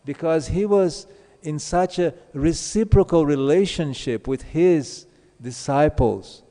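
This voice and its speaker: A man's voice: on the high side, slow pace, dark tone, long reverb tail. A man giving a scripture class as a sermon, telling stories and acting out the dialogue. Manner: storytelling, acts out quoted dialogue.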